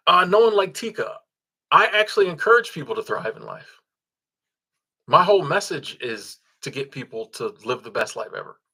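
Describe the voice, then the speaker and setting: A man's voice: on the high side, very animated, normal speed, gravelly, pushed and bright, breathy edge. A man, hosting a casual livestream, reading viewer comments and thanking supporters in a laid-back, chuckling way with lots of ums and restarts. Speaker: livestream host.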